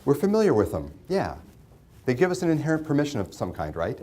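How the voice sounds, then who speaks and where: A man's voice: medium pitch, wildly swooping pitch, quick pace, warm tone, breathy edge. A man leads a classroom session on mediation. He talks in a conversational way, asks the class questions and repeats their answers back to them. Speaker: mediation instructor. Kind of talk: interactive classroom lecture.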